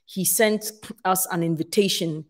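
A middle-aged woman pastor preaching a sermon to her congregation, telling stories and acting out her own past complaints with lively animation. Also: lowish voice, unhurried. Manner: speaks to a congregation, asks for responses.

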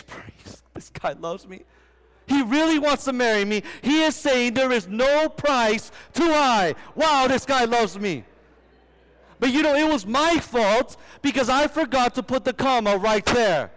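High-voiced young preacher in a reverberant hall. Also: male voice, a bit bright, clear, resonant tone. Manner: asks the congregation rhetorical questions. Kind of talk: sermon.

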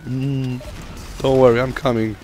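A man's voice: medium pitch, unhurried. Gamer guy, sore throat, jokey running commentary over play, faint noise floor. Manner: jokey, excitable, talks to teammates and himself. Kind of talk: gameplay commentary.

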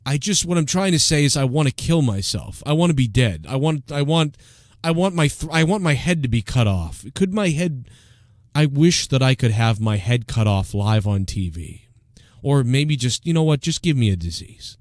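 A man's voice: mid-range voice, no room sound, clean studio sound, natural voice. A man doing a droning, miserable male host. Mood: despondent. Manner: droning, slow, despondent monotone. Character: mopey, gloomy male radio host, self-pitying. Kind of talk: mocking impression.

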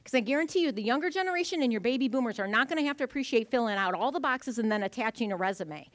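Woman in her forties, keynote-style workshop talk, bright and expressive, acts out anecdotes, close dry mic. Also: fairly high pitch, rapid-fire, no echo. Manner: animated storytelling, acting out voices. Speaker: conference speaker. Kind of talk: lively conference presentation. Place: event venue.

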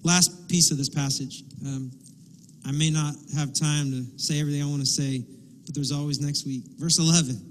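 A man's voice: on the high side, steady tone, normal speed. A man preaching a sermon as pastor, impassioned, voicing pleading quotes as he goes. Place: church sanctuary. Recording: long hall reverb.

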